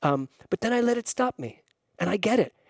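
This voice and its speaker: Animated, emphatic male minister preaching. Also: vocal fry, no room sound. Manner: emphatic, animated preaching with sudden rises in pitch and slowed, stressed phrases. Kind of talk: sermon.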